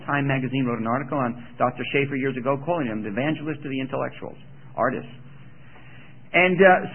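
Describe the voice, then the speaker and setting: A man's voice: medium pitch, breathy edge. Man preaching over a tinny radio line. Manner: conversational, asks the audience questions. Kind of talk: sermon teaching.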